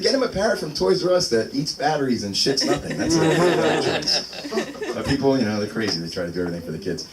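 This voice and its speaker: A man's voice: mid-range voice, very animated, quick pace, a loud crowd. Rambling man doing stand-up at an open mic. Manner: rambling, self-interrupting, lots of fillers. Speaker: stand-up comic. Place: small venue at an open mic night. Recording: distant mic with loud room noise.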